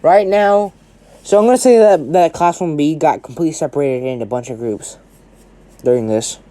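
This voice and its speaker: A man's voice: a little high, moderate pace, mellow. A man narrating an improvised fan story in a rambling way, swearing and tagging lines with "right?". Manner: rambling, swears a lot, keeps saying "right?".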